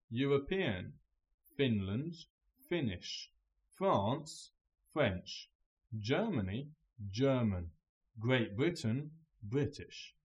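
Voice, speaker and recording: A man reading English vocabulary lists word by word, pausing after every word in a measured delivery. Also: mid-range voice, highs cut off. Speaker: language teacher.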